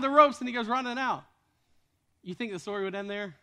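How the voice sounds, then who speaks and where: A man's voice: very high-pitched, expressive, brisk, pushed and bright. A man preaching a sermon as a retold story, casual in tone with joking asides.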